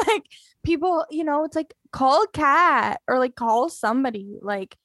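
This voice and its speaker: Slow-talking woman with a higher voice. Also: a bit bright, dry recording, studio quality. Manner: slow, drawn-out, giggly talk. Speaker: podcast co-host. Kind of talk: casual chat about a TV show.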